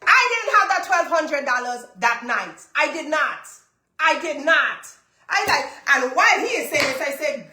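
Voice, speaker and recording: Woman host, animated and repetitive storyteller, echoey room. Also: sits high, a little slow. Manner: animated storytelling, repeats phrases for emphasis. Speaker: business coach and livestream host. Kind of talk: casual testimony to a live audience.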